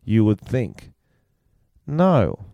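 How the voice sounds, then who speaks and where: A man co-hosting a podcast, animated as he reads out stories and banters with his co-host. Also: lowish voice, very slow, vocal fry, no room sound. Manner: animated, reads news stories aloud with laughs. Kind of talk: casual banter and storytelling.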